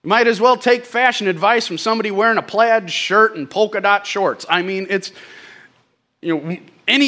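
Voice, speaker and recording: A man preaching with a high, bright, ringing voice. He swings between loud, forceful peaks and quiet, hushed lines, and slips in folksy, humorous asides. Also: moderate pace. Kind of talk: sermon.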